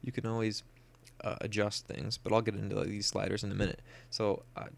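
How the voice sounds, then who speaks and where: Gravelly low-voiced young man explaining software. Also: flat delivery, a little fast. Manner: casual, many "uh" and "um", explains step by step. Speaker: photo editing tutor. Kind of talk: screen-recorded software tutorial.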